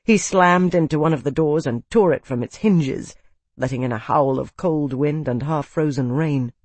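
A man reads a fantasy audiobook at normal speed, his pacing steady and dramatic. His voice is a bit higher than most men's, and the recording is entirely dry, with no room sound or echo.

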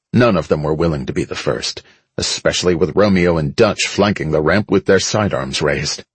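A man with a low, husky voice narrates a first-person audiobook, steady but lifting for dramatic beats. The read is close-miked and dry, with no room sound. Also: dry recording. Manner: steady storytelling with dramatic lifts.

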